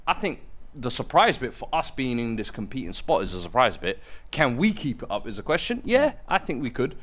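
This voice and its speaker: A man's voice: mid-range voice, big pitch swings, a little fast, a bit bright. A man on a football podcast panel, chatting casually and hedging with phrases like "if you like". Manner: hedges with "if you like" and "really and truly". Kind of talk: casual chat.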